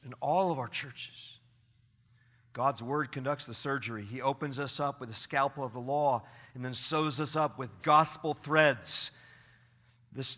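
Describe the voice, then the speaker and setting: A man preaching a sermon, swinging from loud exhortation to near-whispered asides. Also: on the high side, in a large hall. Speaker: pastor.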